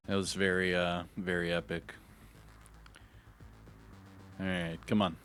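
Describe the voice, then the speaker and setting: A man's voice: low voice, flat delivery, slow pace, long pauses, a bit bright, smooth, no room sound, clean studio sound. A man giving live, hyped, slangy commentary over his own gameplay, talking to himself as he plays. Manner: hyped, slangy, talks to himself while playing. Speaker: gaming YouTuber.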